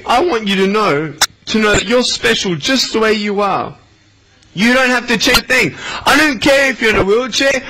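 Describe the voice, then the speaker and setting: Speaking to kids in a school hall, a high-pitched Australian motivational speaker keeps things animated and playful, firing questions at the children. The live recording captures plenty of hall noise.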